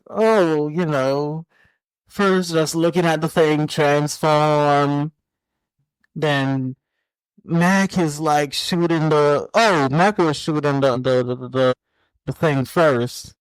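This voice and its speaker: Man in his 40s, podcast co-host, slow-spoken and hesitant, clear smooth voice, higher-pitched. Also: dry recording, poor audio. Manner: slow, hesitant, repeats words while gathering thoughts. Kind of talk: casual movie chat.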